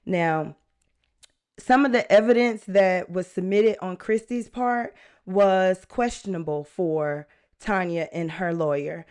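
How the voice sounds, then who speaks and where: A woman's voice: on the low side, takes it slowly, a little mellow. A woman hosting a true crime live stream, talking earnestly and chattily straight to her viewers. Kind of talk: casual live-stream commentary.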